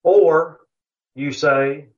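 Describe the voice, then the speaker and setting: A man with a somewhat high voice tells a long anecdote in a relaxed interview, looping back with fillers and asides as he goes. The audio is dull and lo-fi, with the top end muffled. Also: extremely slow. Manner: rambling anecdotal telling, many fillers. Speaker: competition barbecue cook, podcast guest. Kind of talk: casual storytelling interview.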